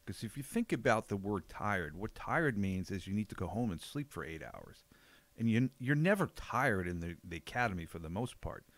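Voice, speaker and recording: An older man with a fairly low voice talks through a casual podcast chat. He tells stories with blunt, emphatic punch. The sound is close and dry. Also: big pitch swings, moderate pace, fairly bright tone, no room sound. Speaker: podcast co-host, jiu-jitsu coach.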